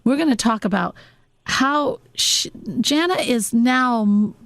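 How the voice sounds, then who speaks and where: Brief: female talk show host, soft and earnest, high gravelly voice, dry studio sound. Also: lively intonation, slow, no room sound. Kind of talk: radio talk show hosting.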